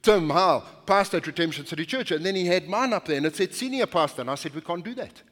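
High-voiced man preaching in a reverberant hall. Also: animated, fast, a bit bright. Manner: conversational, anecdotal preaching with frequent restarts. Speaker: pastor. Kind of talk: sermon. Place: church sanctuary.

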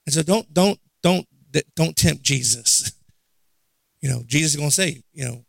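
A man's voice: on the high side, a little fast, vocal fry, no room sound. A man preaching a sermon as pastor, asking the church rhetorical questions, repeating key phrases, and acting out Bible dialogue in character.

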